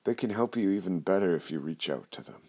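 A man speaking slowly and earnestly about spiritual guidance, his voice dropping low and quiet at times. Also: expressive, breathy edge. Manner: slow, earnest, gets emotional and quiet. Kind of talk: spiritual talk to camera.

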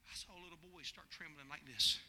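A male pastor preaching a sermon, swinging from loud shouting to hushed storytelling. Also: on the high side, fast talker.

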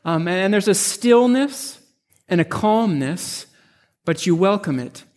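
High-voiced pastor telling a story. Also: male voice, lively intonation, a little slow, a little mellow. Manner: vivid second-person storytelling with restarts. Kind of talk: narrative sermon.

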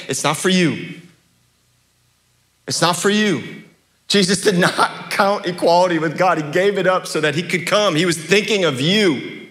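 A man's voice: fairly high pitch, fairly bright tone. A young adult male pastor preaching a sermon in a church, conversational and chuckling, with many fillers and restarts. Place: church sanctuary.

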